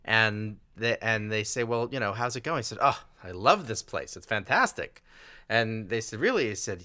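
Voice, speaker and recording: A man's voice: on the low side, lively intonation, moderate pace, bright, forceful tone, no echo, studio quality. A middle-aged man hosting a casual conversation, laughing often and telling a self-deprecating joke. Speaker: podcast host.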